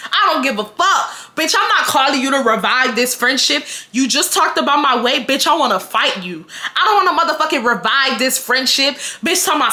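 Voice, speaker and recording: Bright-voiced young woman ranting a storytime. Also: high-pitched, animated. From Houston, Texas. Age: 20s. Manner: profane, heated, rapid storytelling. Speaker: vlogger. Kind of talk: storytime vlog rant. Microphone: phone camera.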